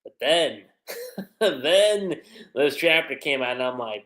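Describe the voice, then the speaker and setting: A man giving casual livestream commentary as a manga reviewer, chatty and animated. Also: medium pitch, a little slow, roomy sound. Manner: animated, chatty, frequent laughter and fillers.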